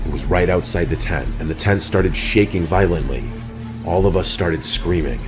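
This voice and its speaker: Man, very low voice, scripted horror story narration, steady delivery, faint music underneath. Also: moderate pace. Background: soft background music.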